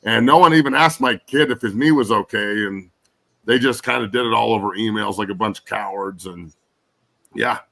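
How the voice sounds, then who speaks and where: A former pro football player in his forties, appearing as a guest in casual podcast chat, rants angrily and curses. His voice is fairly low, creaky and a bit bright at a moderate pace, and the audio is poor.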